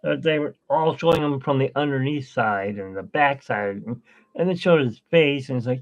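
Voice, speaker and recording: A man's voice: medium pitch, expressive, moderate pace, lo-fi sound. A man hosting an art livestream, chatting in a rambling, easygoing way that often loses its thread. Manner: rambling, chatty, self-interrupting. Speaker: art channel host. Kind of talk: casual livestream chat.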